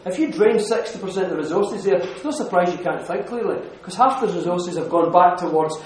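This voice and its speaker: A man telling a lively story to an audience, laughing often and restarting his sentences. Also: high voice, fairly quick. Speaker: speaker giving a talk. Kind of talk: lively anecdotal talk to an audience. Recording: echoey hall.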